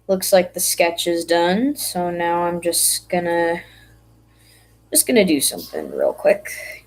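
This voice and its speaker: American girl rambling on her drawing stream, low voice, takes her time. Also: sing-song, takes it slowly, low-quality recording. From United States. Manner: chatty, rambling, self-mocking. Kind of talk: casual livestream chat while drawing.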